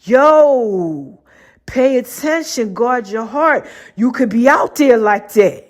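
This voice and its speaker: A woman hosting her own podcast, telling a story in a casual, animated way with frequent laughs and slangy asides. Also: on the high side, takes it slowly. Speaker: podcast host.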